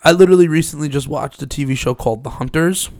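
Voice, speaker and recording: A man's voice: a little high, fast talker, no echo. A man whose first language is Spanish, co-hosting a casual podcast chat and telling stories with lots of swearing and laughter. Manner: animated storyteller, swears and laughs often. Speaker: podcast co-host.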